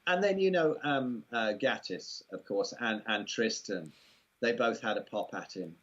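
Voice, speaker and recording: Englishman, husky voice, rambling chatty interview guest on a muffled lo-fi recording. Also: fairly low pitch, expressive, unhurried, a bit bright. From England. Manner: rambling, amused, full of "you know" asides. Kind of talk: casual conversational interview.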